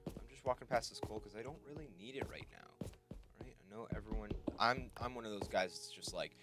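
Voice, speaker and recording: A man giving casual, excitable let's-play commentary, chatting to the creatures he meets and yelping when they rush him. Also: on the low side, brisk. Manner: excitable, talks to the creatures on screen, yelps in panic. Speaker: gameplay commentator. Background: game music.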